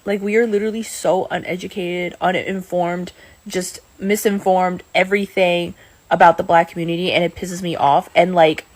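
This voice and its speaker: A woman rants to camera in a fairly low voice. She sounds frustrated and swears as she talks. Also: level tone, moderate pace. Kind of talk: casual rant to camera.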